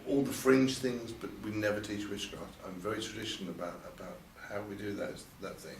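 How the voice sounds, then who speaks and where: This older man's lowish voice stays steady in tone and moves fairly quickly as he reminisces candidly in an interview. Hesitant, he repeats words and lifts his voice for quoted speech. Captured at an event venue by a distant mic, the audio sounds roomy with faint ambience and slight background noise.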